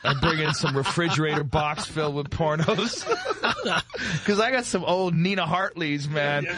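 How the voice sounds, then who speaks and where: A man guesting on a radio talk show as a comedian, talking in a crude, joking, animated way. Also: on the high side, measured pace, background noise.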